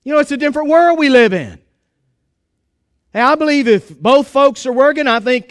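A man's voice: very high voice, lively intonation, normal speed, long pauses, no echo, clean studio sound. A man preaching a sermon in a folksy, joking and emphatic way.

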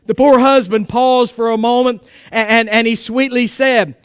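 A man's voice: extremely high pitch, steady tone, normal speed, hardly any pauses, fairly bright tone, clean tone, no echo, studio quality. A man preaching a sermon in a folksy, joking and emphatic way.

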